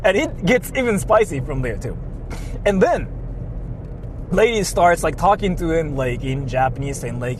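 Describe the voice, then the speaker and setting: A man telling a story in a casual vlog, animated and full of filler words. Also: a little high, normal speed, noisy background. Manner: animated, heavy use of filler "like", laughs often. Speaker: vlogger. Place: inside a car.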